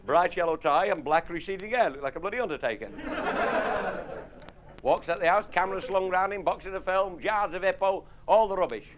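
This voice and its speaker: A man's voice: high-pitched, animated, moderate pace. A man telling earthy, swearing comic stories to a live audience. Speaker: after-dinner raconteur. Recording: noisy 1969 live recording. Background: audience laughter.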